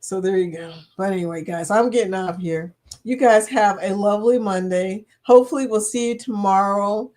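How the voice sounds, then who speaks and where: A woman's voice: medium pitch, normal speed, a little mellow. Chatty woman hosting a livestream. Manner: chatty, laughs often, talks to chat as y'all. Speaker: livestream host. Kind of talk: casual livestream chat.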